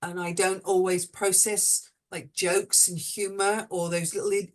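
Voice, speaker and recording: A woman hosting an online panel discussion, talking in halting phrases with many restarts and laughing at herself. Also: fairly low pitch. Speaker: host.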